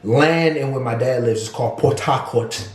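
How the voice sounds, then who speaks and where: An American man spins a travel story in relaxed, slangy chat, laughing and slipping into voices for the people he met. His voice sits at an ordinary pitch for a man. The room around him rings with noticeable echo. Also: moderate pace. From United States. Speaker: vlog co-host. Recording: roomy echo.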